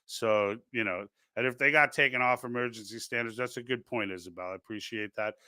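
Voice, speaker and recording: Rambling New York man, bright clear voice. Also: medium pitch, a little fast, no echo. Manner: rambling, many restarts and repeated words. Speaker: livestream host reading chat comments. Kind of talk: casual political livestream chat.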